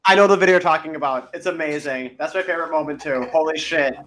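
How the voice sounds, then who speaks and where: A man's voice: a little high, fast talker, a bit bright. A man in casual podcast chat, eagerly agreeing and swearing with glee. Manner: profane, gleeful, eager agreement.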